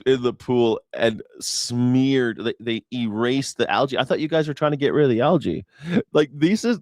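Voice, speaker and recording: A man's voice: mid-range voice, no echo. A man hosting a political reaction show, talking in a sarcastic, profane, mocking way. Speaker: host. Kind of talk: casual political reaction commentary.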